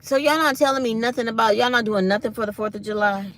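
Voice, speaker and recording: A woman vlogger with a slightly high, fairly bright voice talks fast, telling her viewers a casual, chatty story. Her mouth is sore after dental work, and she speaks her mind freely.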